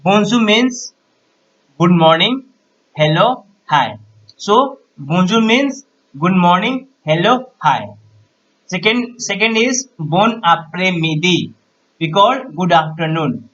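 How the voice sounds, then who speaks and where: A man teaching a recorded French lesson, repeating each phrase slowly to model pronunciation. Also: high voice, lively intonation, pushed and bright, lo-fi sound. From India.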